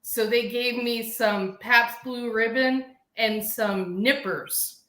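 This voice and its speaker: A woman who is a guest in a casual chat, telling travel stories in an animated, laughing way. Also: fairly high pitch, slow pace. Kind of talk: casual storytelling. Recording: echoey room with faint noise.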